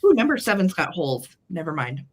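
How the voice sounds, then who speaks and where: A woman's voice: on the low side, big pitch swings, fast, a little mellow, breathy edge. A woman co-hosting a live vintage sale, chatting sweetly and gushing over the items. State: throat tickle, clearing throat. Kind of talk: live selling chat.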